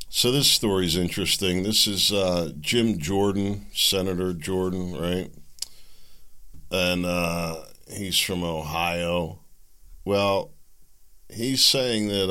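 A man with a low voice hosts a political podcast alone. He talks in a loose monologue, building up heat with sarcastic jabs, and says the coffee has him jittery. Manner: animated, gets worked up, sarcastic asides. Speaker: podcast host.

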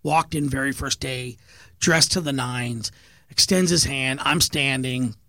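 A middle-aged man with a gravelly, creaky voice tells stories on a podcast. He is earnest and eager, often repeating a word before going on. The sound is dry and close, with almost no room. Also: mid-range voice, measured pace, pushed and bright, no room sound. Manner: earnest, eager storyteller who repeats words as he goes. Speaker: business owner and podcast guest. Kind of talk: storytelling in a podcast interview.

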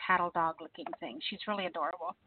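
A woman's voice: fairly low pitch, fairly even intonation, fast talker, background noise. A woman calling in to a radio show, chatting casually and laughing often. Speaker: caller. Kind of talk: casual phone chat. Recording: tinny phone line.

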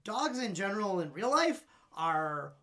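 A woman co-hosting a casual movie podcast, animated and laughing often, with quick asides. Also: mid-range voice. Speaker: podcast co-host.

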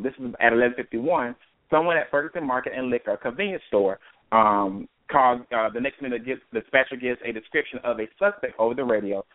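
A man's voice: medium pitch, no echo. A man hosting a discussion, reading a news account aloud and commenting on it, with many hesitations and restarts. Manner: hesitant, with frequent fillers and restarts. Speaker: host. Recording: dry phone-line call audio.

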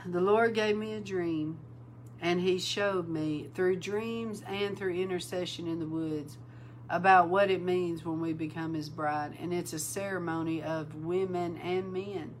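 A woman preaching an informal sermon, calling her listeners bride and repeating words for emphasis, sometimes breaking into loud exclaims. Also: on the low side, fairly even intonation, a little slow, a little hiss or hum, poor audio.

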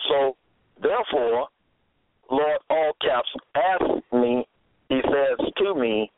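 A man preaching alone in a deliberate, halting way, reading scripture aloud with many fillers and repeated phrases. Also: medium pitch, lively intonation, no room sound. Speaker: preacher presenting his own episodes. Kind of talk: slow solo sermon reading scripture aloud. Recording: tinny phone-line sound, dry.

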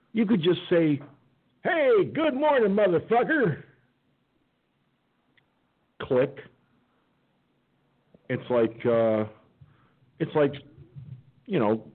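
Brief: male radio host, husky, animated pitch, folksy and halting, phone-like sound. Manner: folksy, halting, many restarts. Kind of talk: online talk radio hosting. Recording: phone-like lo-fi audio.

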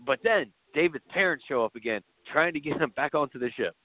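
A man on a podcast tells a movie plot in a loose, laughing way, swearing freely. His voice sits a bit high. The sound is dry and thin, like a phone line. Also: animated, brisk, dry recording. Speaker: podcast co-host. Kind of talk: casual chat.

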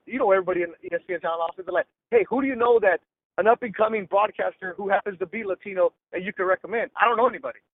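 High-voiced blunt man on a tinny line. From Los Angeles. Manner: blunt, emphatic, slangy. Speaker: guest sports broadcaster. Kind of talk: casual podcast interview. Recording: tinny phone-like line, dry.

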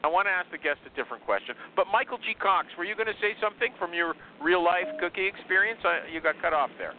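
A man's voice: sits high, fast. A man hosting a casual call-in chat, joking and laughing as he asks questions. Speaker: host. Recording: tinny phone line with faint hiss.

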